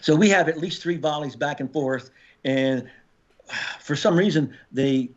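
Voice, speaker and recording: A man's voice: fairly high pitch, unhurried. Profane older man telling war stories. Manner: profane, animated war storytelling with shouted reenactments. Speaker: podcast guest, former Marine. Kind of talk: casual storytelling interview. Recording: slightly dull podcast audio.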